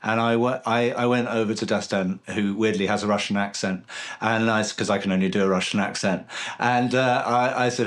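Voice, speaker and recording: Low-voiced man telling an earnest story. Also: fairly even intonation, fairly quick. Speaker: podcast host. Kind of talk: casual conversational interview.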